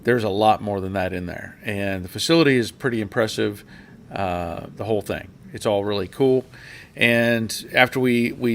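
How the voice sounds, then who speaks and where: Rambling low-voiced man hosting a live stream. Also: vocal fry. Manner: rambling, with fillers and restarts; reads out viewer chat comments. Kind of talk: casual live-stream chat.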